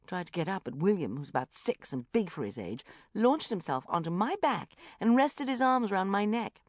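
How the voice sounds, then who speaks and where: Woman audiobook narrator, wry first-person storytelling, lively pitch, dry close recording. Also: normal speed, no echo.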